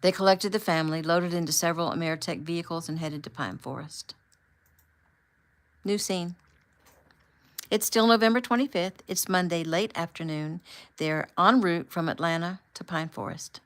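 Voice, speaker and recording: A woman, the author, narrating her own audiobook in a steady, plain reading voice. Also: fairly low pitch, normal speed.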